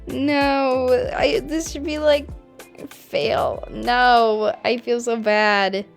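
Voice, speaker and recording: A woman's voice: fairly high pitch, fairly even intonation, very slow, gravelly, soft background music. A young woman talking casually as she reacts to her own old videos, laughing at herself and saying "like" a lot. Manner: giggly and self-mocking, heavy use of "like".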